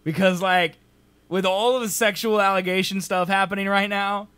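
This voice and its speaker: Young male co-host, bright tense tone, quick to laugh and tease. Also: high-pitched, smooth, no room sound. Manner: laughing often, teasing, animated. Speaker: podcast co-host. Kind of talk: casual chat.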